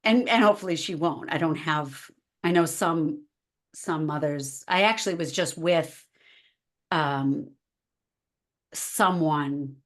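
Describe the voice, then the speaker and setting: Chatty woman guest, lively storytelling. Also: deep voice, slow pace, pauses often. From United States. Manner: animated, acts out quoted dialogue. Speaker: podcast guest, life coach. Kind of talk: casual conversation.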